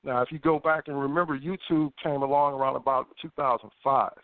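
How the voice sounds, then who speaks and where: A man, a guest on a phone interview, telling a personal story in a lively way, with stammered restarts and acted-out thoughts. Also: mid-range voice, a little fast, no echo. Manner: animated, stammering restarts, acts out his own past thoughts. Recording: tinny phone line, dry.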